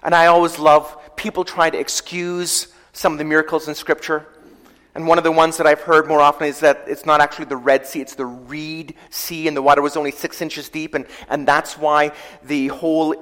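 A man preaching a sermon, retelling scripture in a storytelling way, slowing down for quoted verses and letting his volume rise and fall. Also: a little high, flat delivery, fairly bright tone. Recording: long hall reverb.

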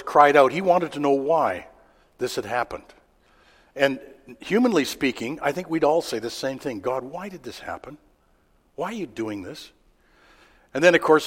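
A man preaching a sermon in a plain, unhurried way, often pausing on fillers and restarting his sentences. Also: medium pitch. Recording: long hall reverb.

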